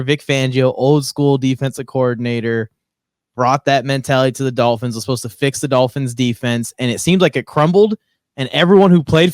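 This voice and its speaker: A man's voice: medium pitch, no echo, clean studio sound. A man co-hosting a podcast, giving laid-back sports analysis in casual chat with a chuckle. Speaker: podcast co-host.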